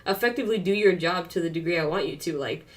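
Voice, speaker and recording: A woman's voice: lowish voice, fast. A woman co-hosting a podcast, chatting bluntly and profanely about politics. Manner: blunt, profane, laughs along. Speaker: podcast co-host. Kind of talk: casual political chat.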